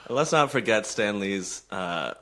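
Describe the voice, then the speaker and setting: A man with a fairly low voice plays it mock-earnest in improvised comedy banter. He laughs through his lines, and faint hiss and clicks sit behind him. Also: expressive, slow.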